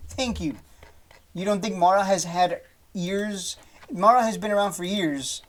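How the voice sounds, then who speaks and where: A man's voice: high-pitched, a little slow, pauses often, slight background noise. Blunt, foul-mouthed man talking stocks. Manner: blunt, swears freely, dismissive of panic; loose and rambling with many restarts and fillers. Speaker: stock market commentator. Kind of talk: casual screen-share stock commentary.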